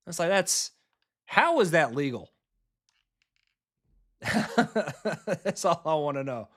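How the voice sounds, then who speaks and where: A man's voice: fairly high pitch, animated, slow pace, long pauses, fairly bright tone. A man giving casual live commentary while playing a football video game, swearing freely and answering his viewers. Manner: casual, profane, chatty with viewers. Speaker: streamer and football coach.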